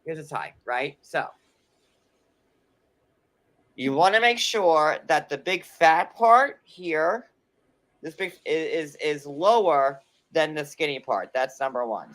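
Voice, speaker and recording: A man's voice: fairly high pitch, lively intonation, a little slow, a bit bright. A man co-hosting a casual chat, sarcastic and rambling with many fillers. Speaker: podcast co-host.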